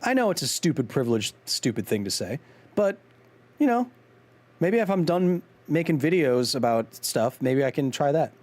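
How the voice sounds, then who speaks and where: A man's voice: fairly high pitch, big pitch swings, moderate pace, darkish tone. Chatty man rambling on a game stream. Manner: rambling, chatty, talks back to chat; frequent ums and restarts, self-mocking. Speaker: gaming streamer host. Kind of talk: casual live-stream chat while playing a game.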